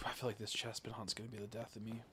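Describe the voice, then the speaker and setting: A man's voice: lowish voice, fairly bright tone, a little hiss or hum. A young man streaming a game, chatting casually in a rambling way, swearing freely and tossing in jokey asides. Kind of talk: casual gaming livestream chat.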